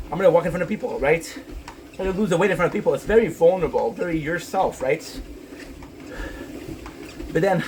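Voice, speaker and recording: A man's voice: sits high, slight background noise, rough recording. Chatty man live-streaming on a walk. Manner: chatty, greets viewers by name, swears casually. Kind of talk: casual live-stream chat.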